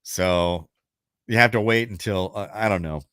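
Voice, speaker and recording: A man's voice: sits low, normal speed, fairly bright tone, clean tone, no echo, studio quality. A man hosting a radio show, chatting casually and rambling, then reading out a trivia question. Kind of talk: casual chat and trivia quiz.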